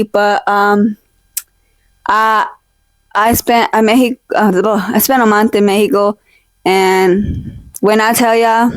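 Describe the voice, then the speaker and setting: With a mid-range voice and no echo, a young woman chats casually in a vlog from her decorated room at home, holding her own desk mic close. She rambles and jokes, filling her talk with fillers and playful fake-outs.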